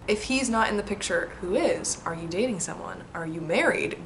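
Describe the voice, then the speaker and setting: A woman in her 20s reads aloud an old letter she once wrote and answers it in a casual vlog, chatty, excitable and reflective, laughing often. Her voice is mid-range and fairly quick, with a little hiss or hum behind it.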